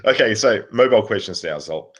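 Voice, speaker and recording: A man co-hosting a podcast with a very deep voice and a husky edge. He reads listener questions aloud in an easygoing, casual way. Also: expressive, a little fast. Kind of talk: casual chat.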